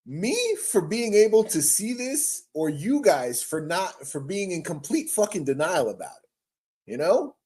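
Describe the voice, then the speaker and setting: A male host on a casual commentary show, crude and scornful as he reacts to news clips. His pitch swings widely, jumping up into mocking, shouted squeaks. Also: sing-song, unhurried, husky.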